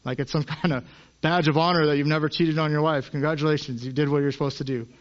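A man in his thirties preaching with earnest conviction, his voice a little higher than most men's. He lifts his voice to act out the people in the stories. The recording is dull and muffled. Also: steady tone, fast talker. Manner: earnest, acts out quoted voices with rising emphasis. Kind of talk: sermon.

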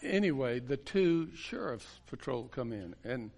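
A pastor, a man, unspools a story from the pulpit at a very unhurried pace. His delivery is folksy and halting, with frequent restarts and quiet chuckles, at a medium pitch. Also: big pitch swings, vocal fry, background noise. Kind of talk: storytelling sermon.

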